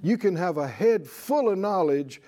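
Male preacher-teacher, higher register, warm and mellow, drives points home by repetition. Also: expressive, unhurried. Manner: emphatic, repetitive, leads call-and-response. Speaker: preacher teaching a faith class. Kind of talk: sermon-style Bible teaching.

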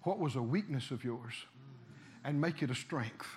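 A man preaching a sermon in a church, telling a story and then rising to loud exhorting with frequent hallelujahs. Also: mid-range voice, lively intonation, normal speed, slight background noise.

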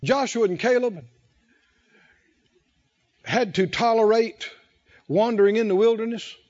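A man preaching a sermon, drawing the congregation in with questions and emphatic, drawn-out phrases. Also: sits high, a little mellow, muffled recording. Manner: call-and-response preaching, rising and falling emphasis, drawn-out phrases.

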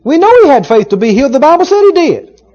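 A man preaching a sermon, retelling a story with emphatic, dramatic rising shouts. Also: very high-pitched, big pitch swings, quick pace. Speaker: pastor. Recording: dull lo-fi sermon recording.

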